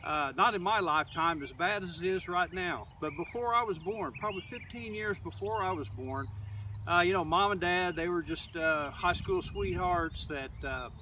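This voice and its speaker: A man's voice: high-pitched, normal speed, sharp tone. An older man from Oklahoma, a middle school teacher giving a casual, rambling lesson outdoors in his garden, with many fillers. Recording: distant mic, faint outdoor noise.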